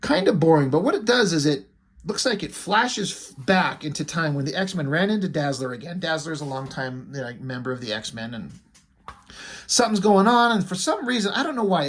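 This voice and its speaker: Brief: male comic reviewer, slightly raised pitch, husky grain, loose rambling delivery with blunt jabs. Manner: loose and rambling, with frequent "like" and "you know"; blunt, mocking asides. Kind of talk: casual video commentary.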